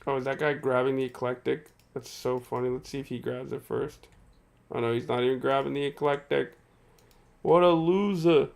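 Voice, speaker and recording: His voice is mid-range and gravelly, with fairly even intonation and a normal speed. A tired man streaming gameplay live, he keeps up casual commentary, responds to messages from chat, and laughs a lot.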